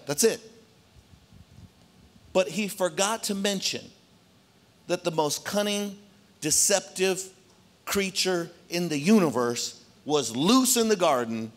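Male pastor, sermon delivery, raised pitch, lively storytelling to a church crowd. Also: slow pace, pauses often. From Arizona, United States. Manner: animated storytelling, addressing the congregation directly. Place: church hall.

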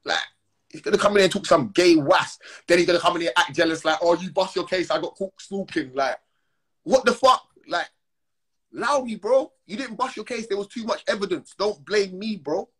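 Man, husky, slightly high voice, heated slangy rant, repetitive, phone livestream. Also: lively intonation, normal speed, a bit bright. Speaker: Instagram live streamer. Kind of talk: confrontational live-stream rant.

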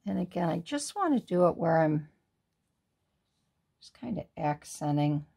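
A woman's voice: lowish voice, sing-song, a little slow, creaky, warm tone, breathy edge. A woman hosting a card-making tutorial, thinking aloud in a casual, musing way as she works. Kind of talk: casual crafting tutorial talk.

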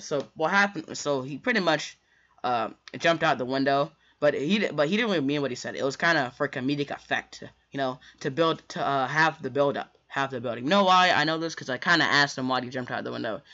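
A man's voice: mid-range voice, brisk, sharp tone. A man telling a school story in a casual, rambling storytime monologue, full of fillers, restarts and slangy asides. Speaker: storyteller vlogger. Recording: dull lo-fi recording.

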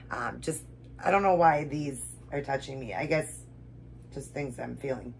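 A woman's voice: extremely low pitch, moderate pace, vocal fry, a little hiss or hum. A woman vlogger praying and reading scripture, earnest and emotional, repeating herself as she talks to viewers at home. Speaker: keto vlogger. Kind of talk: emotional devotional vlog with prayer and eating.

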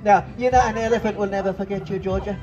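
A man's voice: sits high, steady tone, fast, muffled recording, over loud music. A man performing a comedy children's show, directing young volunteers with bossy, theatrical showman banter. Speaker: children's entertainer. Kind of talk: comic audience-participation patter. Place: outdoor festival stage.

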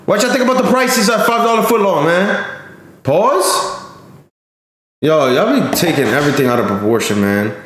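A man's voice: fairly high pitch, lively intonation, moderate pace, a bit bright, echoey room, slight background noise. A man live streaming in casual chat, slangy and talking straight to his viewers, often repeating himself.

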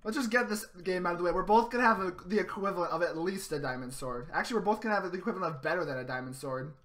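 A young man hosting a gameplay video, commenting excitedly and shouting during fights. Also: high-pitched, very fast. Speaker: gamer host.

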